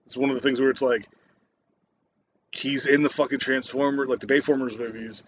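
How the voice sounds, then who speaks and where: A man's voice: mid-range voice, steady tone, brisk, a little hiss or hum. A man giving a casual, rambling movie review, swearing constantly and stopping often for fillers and restarts.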